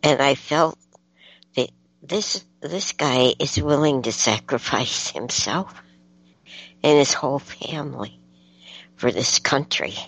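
Slow, breathy woman, earnest and emotional. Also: extremely low pitch, lo-fi sound. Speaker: guest. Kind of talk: casual chat. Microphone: video call.

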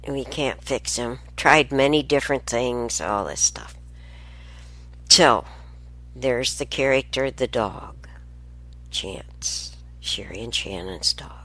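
A woman's voice: rumbling low, a bit bright. An older woman telling family stories in a casual, rambling way, often laughing and getting sidetracked.

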